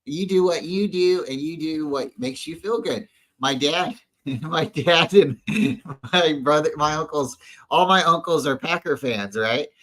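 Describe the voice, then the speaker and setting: A man with a bright, forceful voice, pitched a little high, chatting loosely about game-day habits. He rambles, circles back and restarts his sentences, in the easy tone of a casual fan show recorded at home. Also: unhurried, poor audio. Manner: rambling storyteller with many restarts. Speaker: podcast co-host.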